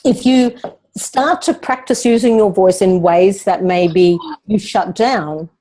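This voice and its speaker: Calm, measured woman coaching speakers. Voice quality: lowish, resonant speaking voice. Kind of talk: coaching Q&A session.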